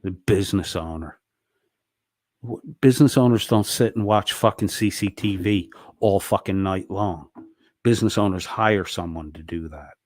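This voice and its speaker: A man's voice: sits low, normal speed, a little mellow, no echo, clean studio sound. A man ranting angrily at another streamer, swearing and berating. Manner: angry, profane, berating. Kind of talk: ranting monologue.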